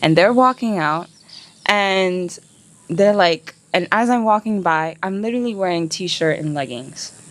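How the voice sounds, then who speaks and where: A woman in a casual vlog, telling her story in an animated, indignant way and swearing freely. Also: lowish voice, measured pace, no echo. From United States. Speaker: travel vlogger.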